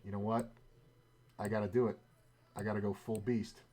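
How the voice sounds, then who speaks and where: Rambling low-voiced male streamer. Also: little pitch movement, normal speed, a little mellow, soft background music. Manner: profane, rambling storyteller with side comments. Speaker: poker and game streamer. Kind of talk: casual storytelling while gaming.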